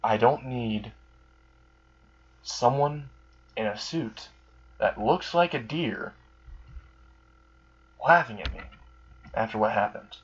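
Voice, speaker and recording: A man's voice: medium pitch, slow, pauses often, slightly rough. A man voicing a betrayed young male adventurer who is bitter, wary and blunt, cursing. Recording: dull lo-fi recording.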